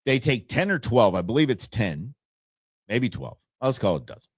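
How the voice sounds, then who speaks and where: A man's voice: mid-range voice, sing-song, normal speed, husky, no echo, studio quality. A man hosting his own show, talking casually and enthusiastically, rambling through stories and restarting his sentences. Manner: rambling, enthusiastic, self-interrupting. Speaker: show host. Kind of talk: casual solo podcast talk.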